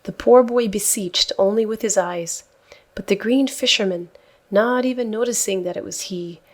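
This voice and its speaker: A woman reading a children's audiobook in a soft, hushed storytelling manner. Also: mid-range voice, moderate pace. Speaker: audiobook reader. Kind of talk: scripted narration.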